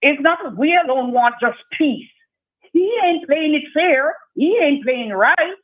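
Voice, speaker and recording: A woman's voice: high voice, animated, unhurried. A woman from Jamaica with a Jamaican accent, calling in to a radio talk show and making her points emphatically, often repeating herself. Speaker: caller. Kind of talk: call-in radio chat. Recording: dull phone-line sound.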